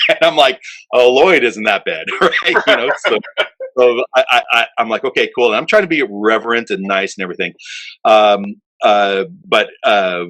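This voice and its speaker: A man hosting a podcast, casually telling an animated anecdote full of fillers. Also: fairly low pitch, normal speed, rough recording. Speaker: podcast host. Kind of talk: casual storytelling chat.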